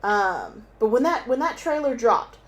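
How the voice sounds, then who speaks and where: Excitable young woman who swears freely. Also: a little high, a little slow, slight background noise. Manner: excitable, swears freely, bursts into loud laughing shouts. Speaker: guest co-host on an art stream. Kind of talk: casual chat. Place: at home.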